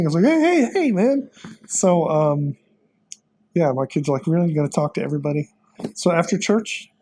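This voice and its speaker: A slightly high, warm male voice comes through with a bit of hiss or hum. He's a Texan guest in his fifties, casually telling long-winded, homespun stories laced with fillers.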